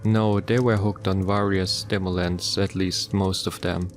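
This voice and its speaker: Male horror narrator, low register, somber, measured first-person reading. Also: flat delivery, soft background music. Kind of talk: scripted horror story narration.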